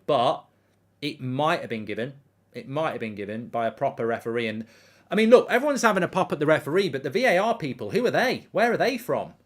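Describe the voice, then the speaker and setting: A man hosting a live football watchalong, reading out viewer comments and ranting indignantly about refereeing calls. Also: medium pitch. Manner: animated, indignant rants, reads viewer comments aloud.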